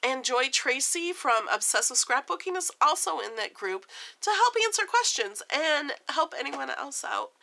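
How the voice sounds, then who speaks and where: A woman's voice: high voice, very animated, moderate pace, gravelly, pushed and bright. A woman vlogger chatting casually to the camera, rambling and scattered, jittery and overstimulated, laughing at herself as she goes. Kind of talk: casual vlog chat.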